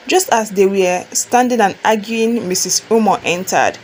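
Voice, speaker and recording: A woman with a Nigerian accent narrating a love story in a plain, steady way. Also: mid-range voice, normal speed, hardly any pauses, slight background noise, low-quality recording.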